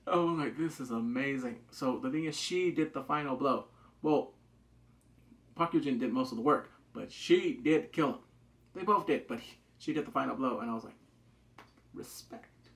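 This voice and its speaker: A man giving a rambling, excited recap of a TV show, full of fillers and loud acted-out yelps. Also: mid-range voice, normal speed. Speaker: show reviewer. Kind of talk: casual spoken recap.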